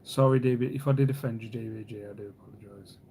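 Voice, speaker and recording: A man hosts a casual live stream, talking fast in a warm, medium-pitched voice with fairly even intonation. He rambles from one thought to the next, teases his viewers and reads their comments aloud over faint background noise.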